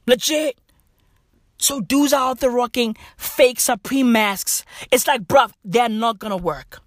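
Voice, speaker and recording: A high-voiced woman rants comedically, swearing freely and packing every sentence with slang. She repeats her points for emphasis, and the sound is dry and close. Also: slow, dry recording. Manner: profane, slang-heavy, emphatic repetition. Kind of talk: comedic rant.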